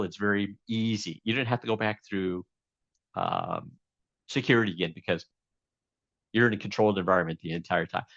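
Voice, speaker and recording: A man's voice: fairly low pitch, a bit bright, no echo, dull audio. A man being interviewed as a guest, telling a long story casually with many fillers and restarts.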